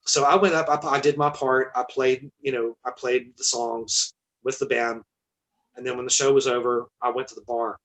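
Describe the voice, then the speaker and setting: A man's voice: mid-range voice, flat delivery, normal speed, fairly bright tone, low-quality recording. A man, a guest musician, telling a story in casual chat, candid and swearing freely.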